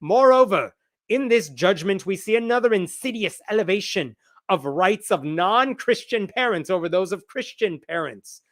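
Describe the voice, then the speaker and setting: A man's voice: high-pitched, expressive, normal speed, a bit bright, no room sound, studio quality, voice pushed up. A man putting on a mock Irish accent to voice a pompous, indignant conservative male politician from Northern Ireland. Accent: put-on Irish. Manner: indignant, declamatory.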